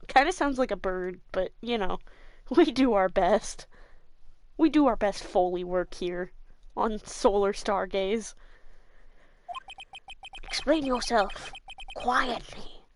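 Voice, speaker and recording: A woman's voice: mid-range voice, darkish tone, dry recording. A woman streaming a game, reacting with profane, mocking comments. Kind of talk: let's-play commentary. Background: game music.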